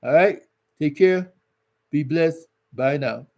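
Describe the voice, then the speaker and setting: A man's voice: a little high, takes it slowly, vocal fry. A man giving preachy religious advice on relationships, folksy and exhorting, repeating words for emphasis.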